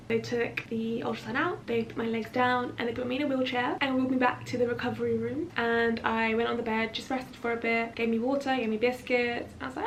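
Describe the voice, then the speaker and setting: A woman's voice: a little high, flat delivery, quick pace, creaky, a bit bright, a little hiss or hum. A woman vlogging, telling a personal story in a frank, chatty and dramatic way, often laughing. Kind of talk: candid storytelling vlog.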